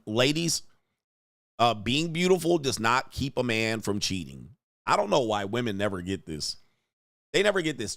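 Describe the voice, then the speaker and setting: A man's voice: medium pitch, fairly bright tone, no room sound, clean studio sound. A man hosting a reaction commentary, blunt and crude as he talks straight to the viewer.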